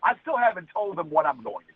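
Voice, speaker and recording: A man's voice: high voice, expressive, quick pace, husky, no room sound. A man on a phone call, ranting angrily with heavy swearing and stammered restarts. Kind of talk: heated phone conversation. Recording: tinny phone line with faint noise.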